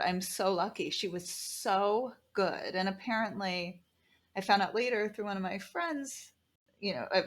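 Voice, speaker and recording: A woman guest on a podcast, telling a story in a casual, animated way, acting out the people she quotes and swearing freely. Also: medium pitch.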